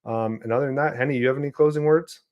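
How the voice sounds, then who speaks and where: A man hosting a relaxed podcast in a loose, chatty way, with lots of filler words. His voice sits at an ordinary middle pitch for a man. He speaks in easygoing everyday tones. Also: rapid-fire, muffled recording. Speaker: podcast host. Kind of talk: casual podcast chat.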